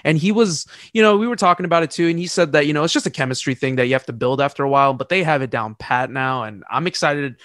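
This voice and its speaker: Fast-talking excitable man hosting. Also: on the high side, no echo, studio quality. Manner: fast, excitable, repeats himself. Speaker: podcast host. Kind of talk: casual sports chat.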